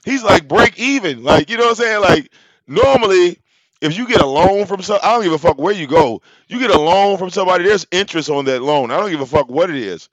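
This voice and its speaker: Speaking fairly quickly in a high-sitting voice, a channel host shares a casual story with his audience. He's animated and profane, frequently repeating himself and starting sentences over. There's no echo, and the highs are cut off.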